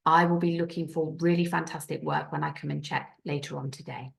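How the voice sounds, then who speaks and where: A woman teaching a primary school French lesson on video, speaking clearly and patiently, with careful French pronunciation. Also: sits low, steady tone, brisk. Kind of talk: recorded classroom video lesson.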